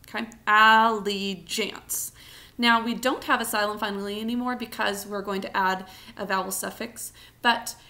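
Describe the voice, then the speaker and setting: A woman teaching a recorded spelling lesson, sounding out words slowly, syllable by syllable, for students at home. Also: medium pitch, steady tone, pushed and bright.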